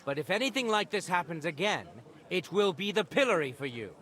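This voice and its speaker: An actor voicing a stern middle-aged town judge in a video game, formal and commanding. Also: male voice, high voice, sing-song, a little fast, sharp tone, exaggerated voice.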